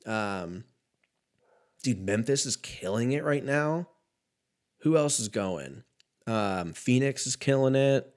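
A man's voice: mid-range voice, expressive, slow, pauses often. A man in his thirties ranting casually about basketball in a rambling, profane, self-mocking way. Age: 30s. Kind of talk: casual solo sports rant.

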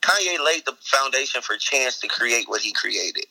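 A man's voice: medium pitch, moderate pace, husky, low-quality recording. A man, a comedian and actor, chatting casually as an interview guest and telling stories with lots of laughter. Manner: animated storyteller who laughs often.

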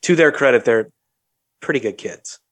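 A young adult man hosting a podcast, telling a story in a lively, profane, casual way. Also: medium pitch, moderate pace. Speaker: podcast host.

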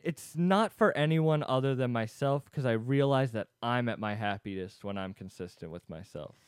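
A man's voice: mid-range voice, animated, moderate pace, clean tone, dry recording, studio quality. A man hosting a self-help podcast, chatting frankly and casually with a guest, swearing and joking now and then. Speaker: podcast host.

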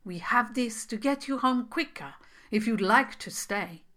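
A woman voicing a gentle, gracious queen in a storybook reading. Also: a little high, expressive, unhurried, pitched above the performer's own voice. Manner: gentle and kind.

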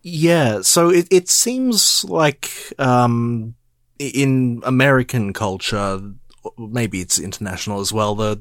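Polish guy on a film podcast, halting, lots of ums, dry close audio. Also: mid-range voice, no echo. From Poland. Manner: hesitant, many fillers and restarts. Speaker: podcast co-host. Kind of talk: casual film discussion.

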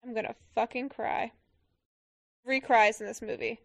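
Emotional woman podcaster with a gravelly voice. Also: a little high, fairly even intonation, a little slow, fairly bright tone, dry recording, clean studio sound. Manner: emotional, effusive, swearing. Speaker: podcast co-host. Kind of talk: casual movie-watch commentary.

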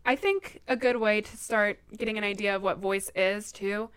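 A woman's voice: mid-range voice, fairly even intonation, normal speed, a bit bright, smooth. A young adult woman in casual chat as a podcast co-host, explaining writing tips with lots of "um"s.

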